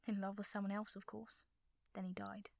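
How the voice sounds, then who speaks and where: A man's voice: sits high, level tone, moderate pace, creaky. A woman voicing a teasing young man. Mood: soft. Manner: teasing, then soft and gentle.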